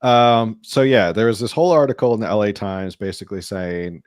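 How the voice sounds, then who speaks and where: Podcast co-host, man with a very low voice, rambling casual delivery, dry close sound. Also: brisk, few pauses, darkish tone, no echo. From California. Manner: rambling, many restarts and fillers. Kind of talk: casual political chat.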